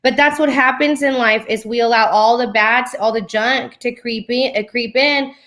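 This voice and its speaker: Twenties woman, a touch high-pitched, animated and playful, preacherly when reading verses. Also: moderate pace. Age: 20s. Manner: lively, slips into playful voices for quotes. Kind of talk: animated faith-based chat with scripture reading.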